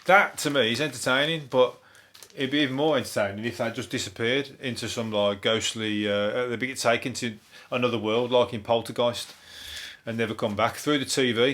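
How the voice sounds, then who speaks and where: A comedian with a Birmingham accent hosts a comedic news review, rambling, swearing freely, laughing at his own jokes and dropping into quick silly impressions. His voice is medium-pitched and a bit bright.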